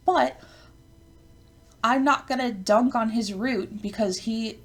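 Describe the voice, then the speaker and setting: A woman's voice: on the high side, slow pace. A woman hosting a let's play of a visual novel, reading the game text aloud and breaking off into rambling, self-interrupting rants.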